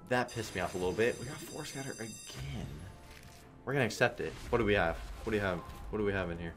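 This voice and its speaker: A man's voice: on the low side, fast, fairly bright tone, soft background music. A man streaming online slots, giving casual, profane play-by-play and thinking aloud in a frustrated way.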